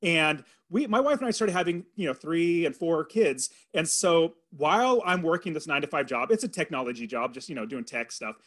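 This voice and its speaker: A middle-aged man who is a podcast guest, telling his life story in an earnest, animated way and acting out his own thoughts aloud. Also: on the high side, fairly quick, hardly any pauses. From California. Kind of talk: storytelling in an interview.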